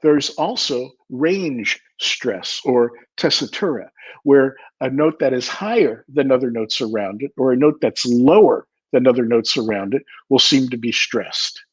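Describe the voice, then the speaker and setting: An older man teaches percussion in an online clinic. He explains musical ideas step by step in a husky voice, now and then singing rhythm syllables. The audio is a little dull and lo-fi. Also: medium pitch, measured pace. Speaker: percussion educator giving a clinic. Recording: slightly muffled lo-fi audio.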